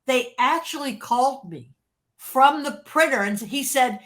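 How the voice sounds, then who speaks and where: An older woman recounts her work as a record label art director in relaxed, chatty storytelling. Her voice sits a little high, and she acts out the people she quotes. She laughs easily as the anecdotes build. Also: a little slow. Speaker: interview guest, former record label creative director. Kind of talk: casual storytelling.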